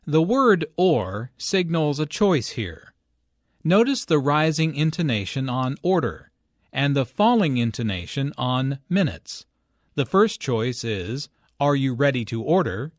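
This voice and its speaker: A man narrating a scripted English lesson in a slow, clear, even delivery. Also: medium pitch, no echo, clean studio sound. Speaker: English teacher.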